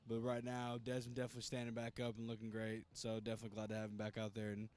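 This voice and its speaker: A man co-commentating a school football game from an outdoor stadium. He speaks casually and upbeat, in an even, fairly flat voice. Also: lowish voice, very fast, clean tone. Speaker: color commentator. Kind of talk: sports commentary.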